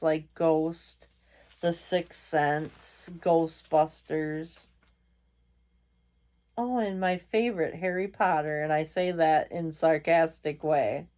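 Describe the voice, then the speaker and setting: A woman's voice: sits low, a little mellow, smooth. A tired woman chatting casually as a vlog host, rambling with many fillers. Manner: reads out magazine lines. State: tired, yawning. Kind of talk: casual chat.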